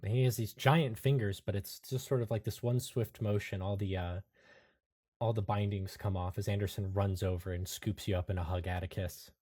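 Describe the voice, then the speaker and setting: A man narrating as game master of a tabletop role-playing game, describing scenes in a relaxed way with fillers. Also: on the low side, moderate pace, husky.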